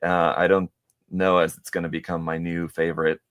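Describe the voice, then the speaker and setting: A man's voice: deep voice, level tone, moderate pace, a bit bright. A man hosting a live stream while he builds a model kit, chatting casually and answering viewers. He rambles with many fillers and restarts, and now and then mutters to himself as he works.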